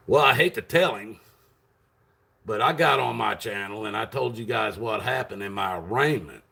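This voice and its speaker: A man loudly retelling a story to his channel viewers, rambling with many fillers and restarts. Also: fairly low pitch, moderate pace, vocal fry, slightly rough. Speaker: vlogger. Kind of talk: casual storytelling to camera.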